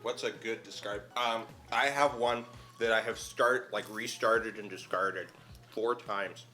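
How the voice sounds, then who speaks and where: A male guest on a relaxed stream, speaking in a bright, clear voice. He works through ideas analytically, with plenty of filler words as he thinks aloud. Faint music sits underneath. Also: on the low side, unhurried. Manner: thoughtful, analytical explainer with many "like" fillers. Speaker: guest video essayist. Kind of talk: casual chat on a charity stream.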